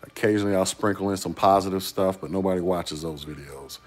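Deep-voiced male YouTube host, casual chat, rhetorical and conversational. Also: quick pace, darkish tone. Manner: conversational, rhetorical questions to a commenter. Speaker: YouTube commentator.

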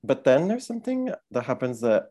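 A man's voice: medium pitch, very animated, fairly quick, warm tone. A man co-hosting a podcast, chatting casually, hesitant and often apologizing. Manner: apologetic, hesitant, lots of fillers. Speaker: podcast co-host. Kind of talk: casual chat.

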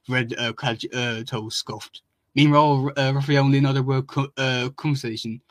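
Halting man reading fan fiction aloud. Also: mid-range voice, fairly even intonation, fairly bright tone, dry recording. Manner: halting, full of fillers and restarts, laughing often. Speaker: podcast host.

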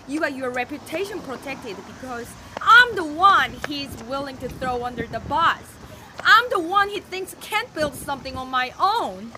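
A woman acts out an ambitious, furious crime boss heir, whining one moment and threatening the next. Her voice is high and swings wildly. A clear noise hum sits under it.

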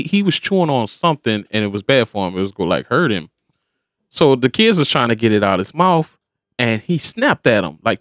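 A man's voice: mid-range voice, no echo, studio quality. A middle-aged man, a stepfather, telling a family story in casual, slangy talk full of profanity, acting out what each person said. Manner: animated, profane, slangy, acts out what people said.

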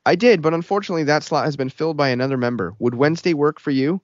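Man reading an unsettling polite lady operator: raised pitch, customer-service sing-song, dull lo-fi sound. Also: very fast, no echo, lightly acted. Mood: eerily polite. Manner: courteous, scripted customer-service cadence. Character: eerily polite female phone operator.

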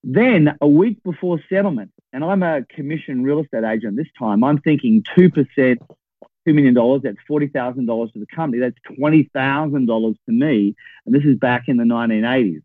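Man, 60s, podcast guest, animated storyteller, dry tinny phone-line sound. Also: medium pitch, fairly quick, no room sound. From Australia. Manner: animated, checks in with "right?". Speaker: podcast guest, property investor. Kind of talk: storytelling in a conversation.

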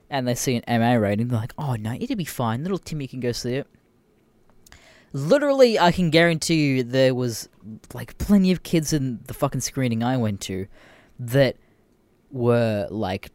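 A young Australian man with a mid-range voice hosts a podcast, launching into a casual rant that's animated, full of swearing and frequent laughter. The recording is dry.

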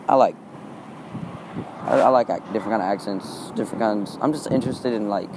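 Recorded outside in windy, noisy conditions, this lowish male voice belongs to a Texas teen doing a solo podcast. He wanders from thought to thought, unsure of himself and leaning heavily on filler words.

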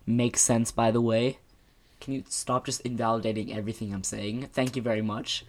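A man's voice: mid-range voice, level tone, normal speed. A man co-hosting a casual podcast, recapping a movie with a joking, sarcastic, rambling manner. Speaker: podcast co-host.

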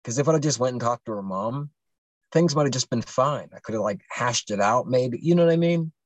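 A man's voice: medium pitch, lively intonation, fairly quick, dry recording. A young man hosting a podcast, telling a long story casually with lots of swearing and fillers. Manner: rambling, profane, many fillers. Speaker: podcast host.

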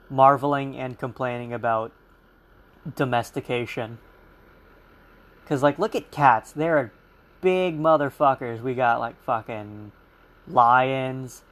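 A young man hosting a solo podcast, rambling and swearing, mocking voices for animals and critics. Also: mid-range voice. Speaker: podcast host.

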